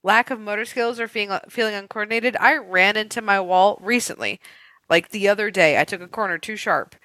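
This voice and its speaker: A woman's voice: mid-range voice, brisk, pushed and bright, dry recording, rough recording. A young woman co-hosting a podcast in casual chat, crude and joking, laughing often. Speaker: podcast co-host.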